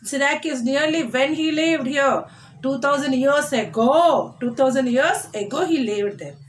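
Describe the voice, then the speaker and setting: Woman teacher, high voice, repeats words for kids to say back. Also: lively intonation, measured pace. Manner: repetitive, drilling words for children to repeat. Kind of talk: classroom lesson explanation.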